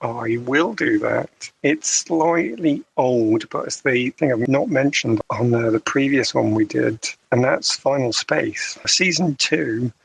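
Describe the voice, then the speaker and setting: A man co-hosting a podcast, giving measured, thoughtful opinions with a dry wit. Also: medium pitch, gravelly, fairly bright tone, breathy edge, rough recording. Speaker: podcast co-host. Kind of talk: casual podcast discussion.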